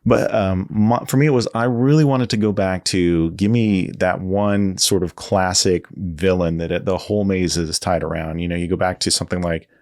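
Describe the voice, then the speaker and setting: A guest designer in a casual interview rambles through a story, often correcting himself. His low, slightly mellow voice keeps a fairly even intonation. He talks at a moderate pace with few pauses.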